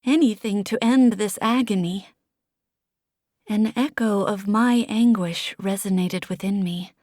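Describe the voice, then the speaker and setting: A woman narrating a fantasy audiobook in the first person, with emotional, expressive storytelling. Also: medium pitch, measured pace, dry recording, studio quality.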